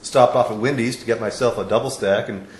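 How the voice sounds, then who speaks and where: A man's voice: medium pitch, steady tone, fairly quick, reverberant, a little hiss or hum. A man co-hosting a podcast, telling stories animatedly and acting out what people said. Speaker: podcast co-host. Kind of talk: casual chat.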